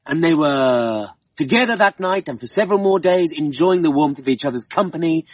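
Male storyteller, husky, lively delivery, dull slightly distant sound with faint harp behind. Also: a little high, no echo. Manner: expressive, dramatic, slows for emphasis. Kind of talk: oral storytelling of a folk tale. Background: soft harp music.

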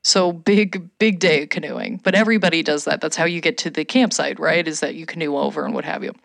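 A woman from Canada telling a funny story in casual chat, animated, swearing and shouting out quoted lines. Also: low voice, a little fast, gravelly, dry recording.

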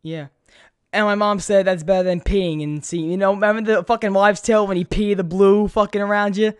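A man's voice: high-pitched, fairly even intonation, brisk, clean tone. A man from New York telling a rambling, profane story in casual chat, with many restarts.

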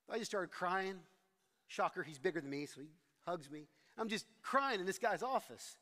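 A man's voice: sits high, lively intonation, moderate pace, sharp tone, in a large hall. A middle-aged man preaching a sermon, telling a personal story in a conversational, self-deprecating way with frequent restarts. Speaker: pastor.

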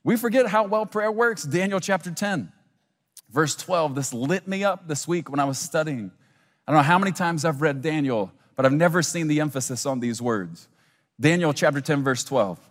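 A man's voice: a little high, animated, normal speed, big-room sound. A man preaching a sermon as a pastor, acting out imagined listeners and little scenes as he goes.

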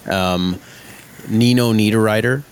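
Male guest, casual chat, low voice, hesitant with ums, faint hiss behind him. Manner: hesitant, with ums and drawn-out names.

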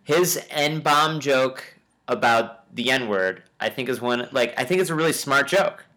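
A man's voice: mid-range voice, expressive, unhurried, sharp tone. A man co-hosting a podcast, talking bluntly and swearing casually. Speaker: podcast co-host. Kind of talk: casual chat.

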